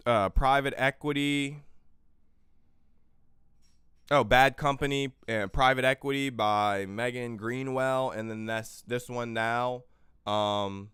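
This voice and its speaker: A man's voice: medium pitch, a bit bright, clean tone, no room sound, clean studio sound. A man hosting a live podcast in a heated rant, fiery and profane, repeating phrases for emphasis into his microphone. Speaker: livestream podcast host. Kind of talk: heated political livestream rant. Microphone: microphone he yells at.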